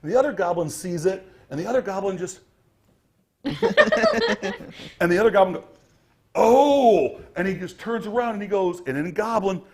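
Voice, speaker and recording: Husky-voiced man narrating as game master. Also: high voice, quick pace, few pauses, darkish tone. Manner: vivid scene-setting with frequent ums and restarts.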